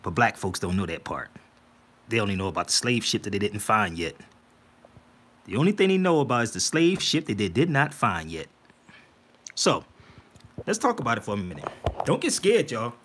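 On his livestream, a man with a fairly low voice speaks at normal speed, leaving long pauses. He's animated and preachy, casually yet insistently calling out to his viewers as "y'all."

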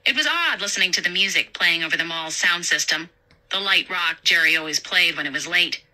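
A woman narrating a suspenseful horror story in a measured storytelling voice. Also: fairly low pitch, pushed and bright, poor audio.

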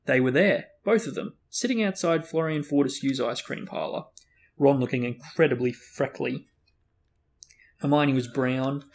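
A man reading a novel aloud to a friend, giving the dialogue lively character voices and breaking off for casual asides. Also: medium pitch, moderate pace, gravelly. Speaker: book discussion host reading aloud.

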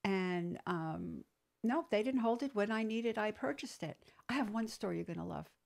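A woman entrepreneur telling stories in an interview, lively, acting out quoted dialogue. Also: medium pitch, moderate pace, gravelly. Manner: animated storyteller, acts out quoted dialogue. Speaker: entrepreneur guest; business trainer. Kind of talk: storytelling interview.

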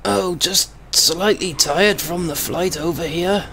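A man doing a confused old British gentleman. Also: sits high, gravelly, a little hiss or hum, voice pushed up, full character voice. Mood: polite, befuddled. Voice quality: strained throaty voice. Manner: slow, genteel, addresses officers formally. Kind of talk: voice acting in a game role-play.

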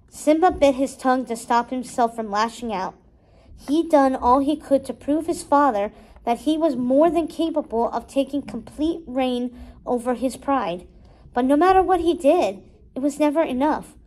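A woman reading a storybook aloud in a steady, expressive way. Her voice is somewhat high for a woman. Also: normal speed, poor audio. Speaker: storybook reader.

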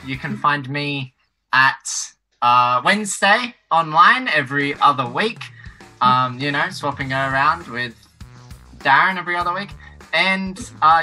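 A man plugging his trivia nights in a dry, faintly sarcastic way. His voice is very bright and sharp-edged. Faint music runs behind him. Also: a little high, rough recording. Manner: dryly sarcastic. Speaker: trivia host. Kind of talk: casual self-introduction.

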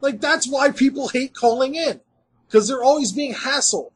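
A man co-hosting a podcast, chatting casually with some swearing, his voice often trailing off quietly. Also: very high-pitched, normal speed, slightly rough, low-quality recording. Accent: American. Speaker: podcast co-host. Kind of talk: casual chat.

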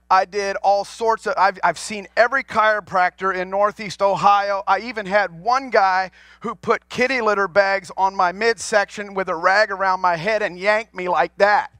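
A pastor in his forties preaches to his congregation in a church sanctuary, telling stories in a folksy way and putting questions to them as he goes. His voice is high with a sharp tone, and there's no room sound.

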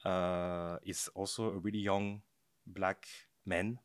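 Male podcast guest, deep voice, halting delivery with fillers, dry. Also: flat delivery, clear, resonant tone, no room sound. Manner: hesitant, many pauses and fillers. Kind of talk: casual conversation.

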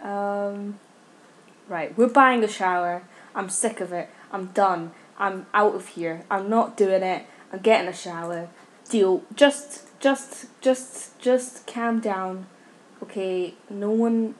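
A woman's voice: mid-range voice, slow pace. A young woman commenting on a life-sim game, scolding her characters in exasperation. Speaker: gaming YouTuber. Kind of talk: casual Let's Play commentary.

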